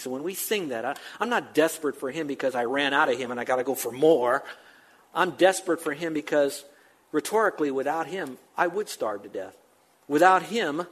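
An older male pastor delivering a sermon. His voice sits a little high for a man. He hammers his points with quick runs of repeated words and then falls to a near hush. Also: slightly rough. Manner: emphatic, with fast repeated phrases and sudden drops to a hush.

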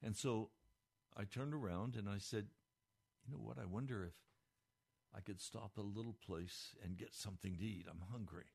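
A man giving a radio devotional, speaking fervently, his pitch climbing when moved, recorded in a radio studio. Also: normal speed, vocal fry, darkish tone, husky. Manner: fervent, rising pitch with emotion. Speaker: radio preacher.

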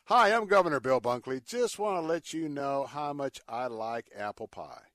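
A man's voice: medium pitch, expressive, normal speed, fairly bright tone, dry recording, clean studio sound, close to an everyday voice. A man voicing a pompous male governor in a mock-official announcer tone. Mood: mock-proud.

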